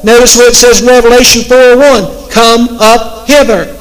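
A man preaching a sermon, slow and emphatic, quoting scripture with weight. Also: extremely high pitch, level tone. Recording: long hall reverb.

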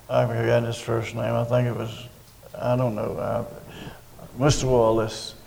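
An older man with a drawl tells a story slowly and unhurriedly. His voice is gravelly and creaky, and it sits at an ordinary pitch. He rambles and restarts as he goes, like someone giving a spoken testimony. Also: monotone, darkish tone, long reverb tail, rough recording. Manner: rambling, halting, with restarts and asides. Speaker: storyteller recounting a personal witness.

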